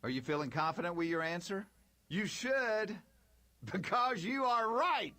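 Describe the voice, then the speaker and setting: An actor voicing an upbeat male game show host in a video game, with a teasing, drawn-out announcer delivery. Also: high-pitched, animated, pushed and bright, no echo, heavily acted. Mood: encouraging.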